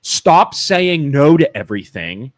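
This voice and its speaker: A man's voice: fairly high pitch, slow, no room sound. A young man co-hosting a casual talk radio show, joking around and reading a sponsor ad in an upbeat voice. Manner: animated, jokey, reads ads in an upbeat put-on fancy voice. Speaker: co-host.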